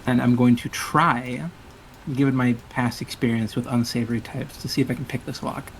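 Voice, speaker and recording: A man playing a tabletop game, describing his character's actions and thinking aloud over his rolls in a deliberate way. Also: medium pitch, fairly even intonation, slight background noise, rough recording. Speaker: player. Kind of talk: casual tabletop role-play.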